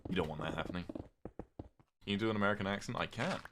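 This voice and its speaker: A British man casually chatting with his viewers on a livestream, reading chat aloud, swearing freely and reacting with sudden loud outbursts. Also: low voice, brisk, background noise. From Britain.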